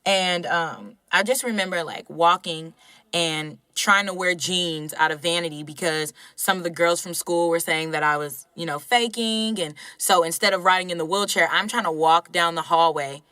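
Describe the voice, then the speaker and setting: Animated woman telling a story. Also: fairly low pitch, moderate pace, clear, resonant tone, no room sound. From Georgia, US. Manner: animated, candid, swears casually. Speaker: podcast co-host. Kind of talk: casual storytelling chat.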